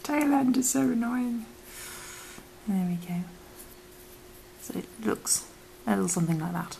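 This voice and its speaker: A woman teaching crochet step by step, talking softly and often dropping to a whisper while she works, as if losing her voice. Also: fairly high pitch, lively intonation, measured pace, gravelly, slight background noise, rough recording. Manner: soft, half-whispered instructions while working. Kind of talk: step-by-step craft tutorial.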